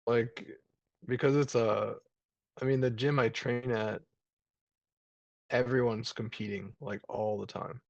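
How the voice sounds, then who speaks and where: A man's voice: mid-range voice, fairly even intonation, slow pace, gravelly, pauses often, no echo, dull audio. A man, a jiu-jitsu brown belt, chatting casually over a video call, rambling with lots of fillers and restarts.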